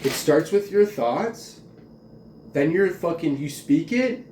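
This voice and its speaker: A man's voice: a little high, animated, slow pace, darkish tone, slight background noise. Agitated, profane man ranting in a roomy space. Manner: profane, agitated, rambling with many "like" fillers. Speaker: vlogger. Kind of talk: ranting monologue. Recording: roomy, distant from mic, faint ambience.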